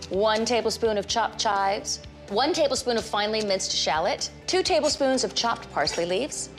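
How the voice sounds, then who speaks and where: A woman hosting a cooking show, chatting cheerfully and talking through recipe steps, often laughing. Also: mid-range voice. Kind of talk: casual cooking chat.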